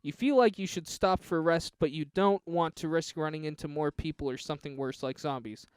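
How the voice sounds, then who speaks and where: In a clean studio recording with no room sound, this co-host reads text adventure game passages briskly. His voice is high, clear, and resonant, and he breaks in with laughing, joking asides.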